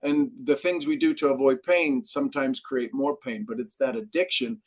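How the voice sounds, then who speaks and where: In this interview conversation, a middle-aged man appears as an expert guest and animates his stories by performing the lines of dialogue he quotes. His voice is mid-range and his pace moderate.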